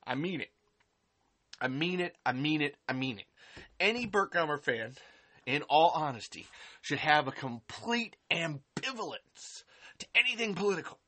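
A woman hosting a podcast on a live stream rants angrily and sarcastically, swearing heavily and repeating herself for emphasis. Her deep, husky voice has a sharp tone and big pitch swings, delivered at normal speed.

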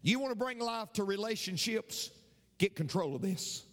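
A man's voice: high-pitched, lively intonation, moderate pace, a bit bright, big-room sound. A male pastor preaching a sermon emphatically, repeating key phrases and quoting scripture.

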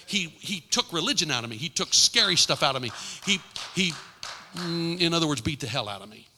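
An older man preaching a sermon as pastor, impassioned, repeating lines with emphasis and dropping at times to a hushed voice. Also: fairly high pitch, lively intonation, brisk, slight background noise. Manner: impassioned, with emphatic repetition and sudden drops to a hushed voice. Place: church sanctuary. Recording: long reverb in a large hall.

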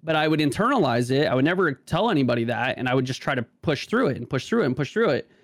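A man's voice: mid-range voice, very animated, fast, no room sound, studio quality. A man talking casually as a podcast guest, stammering and restarting often, with many "like" fillers. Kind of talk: casual conversation.

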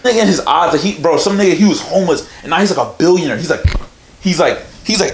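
A man's voice: a little high, lively intonation, fast. A man co-hosting a casual podcast chat, telling a story in slangy, profane banter. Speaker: podcast co-host.

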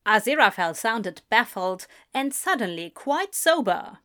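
A woman narrating a fan fiction story in an unhurried, expressive storytelling manner. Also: medium pitch. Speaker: reader.

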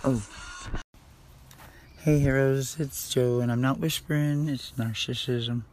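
A man's voice: mid-range voice, steady tone, slow, darkish tone, soft background music. A man hosting his own podcast, talking in a rambling, scattered, confessional way in a casual monologue. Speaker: podcast host. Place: friend's house in the country.

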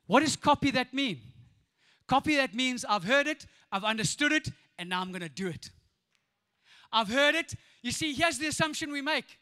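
A man with a South African accent preaching a lively, playful sermon as a pastor, acting out voices and often laughing. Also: very high-pitched, normal speed. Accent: South African English. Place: church auditorium. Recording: echoey church hall.

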